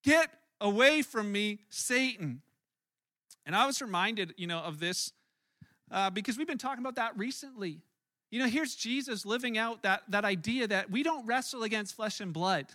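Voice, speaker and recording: A man preaches in a high, bright voice that carries a lot of edge. His delivery is animated and conversational, and he often stumbles over and repeats words as he tells the story. The recording is close and dry, with no room sound at all. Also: a little fast, no room sound. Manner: animated storytelling with frequent word repeats and restarts. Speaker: pastor. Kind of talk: sermon.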